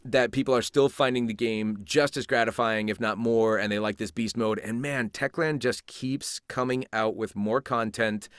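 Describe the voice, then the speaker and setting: Animated man telling stories, dry close mic. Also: medium pitch, normal speed, hardly any pauses, smooth, no echo. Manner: animated storyteller with many restarts. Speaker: voice actor guest. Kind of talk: casual interview chat.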